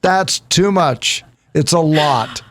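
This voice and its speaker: Chatty man, higher voice. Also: takes it slowly, no echo. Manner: chatty storyteller, jokey, animated. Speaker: radio show co-host. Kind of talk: casual chat.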